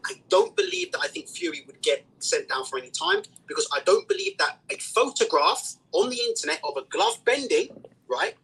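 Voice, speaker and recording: A man's voice: high voice, bright, forceful tone, husky, rough recording. A man from England, a guest on a video call, insistently pushing to make his point in a heated online debate.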